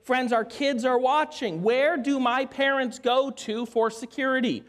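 An earnest pastor in the middle of a sermon. The preacher speaks straight to the congregation as friends, repeating important lines and slowing down to let them land. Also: sits high, fairly even intonation, fairly bright tone. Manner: earnest, repeats key phrases and slows down for emphasis; addresses the audience as friends.

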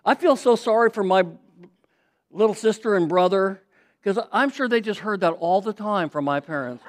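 A pastor with a high-sitting male voice preaches emphatically to his congregation at a normal speed. He repeats key phrases and has the audience say words back along with him.

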